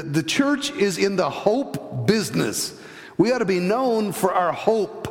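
A man preaching a sermon, telling stories and acting out the voices in them, sometimes dropping soft and low for emphasis. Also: vocal fry. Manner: storytelling, acts out voices in anecdotes; hesitant restarts, drops to soft low tones for emphasis. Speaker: pastor. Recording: long hall reverb.

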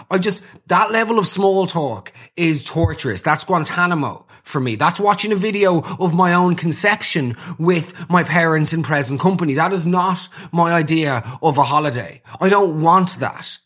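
A man's voice: a little high, animated, normal speed, few pauses, fairly bright tone. A man in his thirties with an Irish accent, hosting a comedy podcast with sardonic, rambling, self-deprecating rants. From Ireland. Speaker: podcast host.

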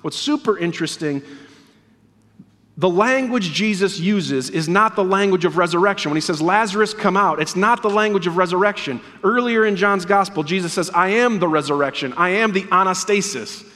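A man's voice: sits high, normal speed, sharp tone. A man preaching a sermon in a church as pastor, earnest and emphatic, repeating key words for weight. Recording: long reverb of a church hall.

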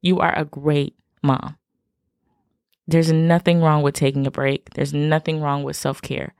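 A woman's voice: sits low, little pitch movement, measured pace, creaky, darkish tone, clean tone, no echo, clean studio sound. A young woman hosting a podcast, chatting casually and encouraging her listeners directly. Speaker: podcast host.

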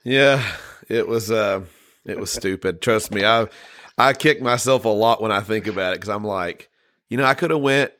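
A man's voice: lowish voice, normal speed, a bit bright. A man in casual conversation who tells a story against himself and lets his sentences trail off.

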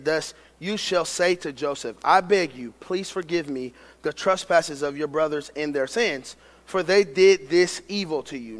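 High-voiced preacher in echoing hall. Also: male voice. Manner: builds to shouted preaching, reads scripture aloud. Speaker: pastor. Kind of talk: sermon. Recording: long hall reverb.

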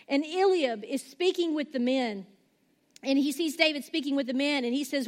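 A woman pastor preaching a sermon, animated and acting out the quoted lines. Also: sits high, normal speed.

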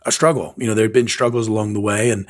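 A man's voice: lowish voice, fairly even intonation, fast. A man hosting an interview podcast, asking questions with hesitant restarts. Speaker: podcast host.

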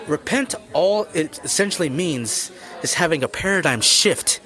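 A man's voice: on the high side, animated, normal speed, sharp tone. A man hosting a Christian podcast, explaining scripture in an earnest, preacherly way and speaking straight to the listener. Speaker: podcast host.

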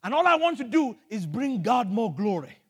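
An older man from Nigeria preaching a sermon as pastor, telling a story with animated energy and bursts of shouting. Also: extremely high pitch, normal speed, slightly rough, long reverb tail. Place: church hall.

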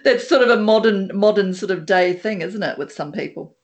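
A woman's voice: medium pitch, fairly quick. A woman hosting a podcast, chatting casually with her guest and often seeking agreement. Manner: chatty, agreeable, asks for confirmation. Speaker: podcast host. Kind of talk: casual interview chat.

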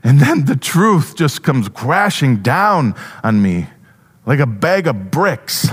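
A male pastor giving a first-person storytelling sermon, animated with halting restarts. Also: medium pitch, breathy edge.

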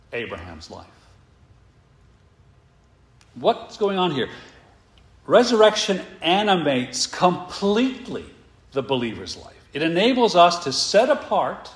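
Male preacher with a lively rising and falling voice, unhurried, echoing sanctuary, asks the room questions. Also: a little high. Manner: rhetorical questions, emphatic, slows down for stress. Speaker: pastor. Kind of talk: sermon.

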